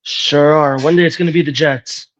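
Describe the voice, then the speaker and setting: A man calling in to a sports show, speaking calmly and hesitantly with frequent pauses. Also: a little high, lo-fi sound. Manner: calm, hesitant, with many ums. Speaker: caller. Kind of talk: call-in chat.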